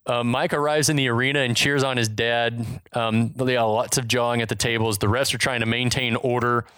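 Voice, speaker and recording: A man's voice: mid-range voice, fairly even intonation, fairly quick, a bit bright, clean tone, no echo. Dry-voiced casual podcast man. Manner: laid-back, profane, recaps with wry asides. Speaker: podcast co-host. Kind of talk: casual movie recap chat.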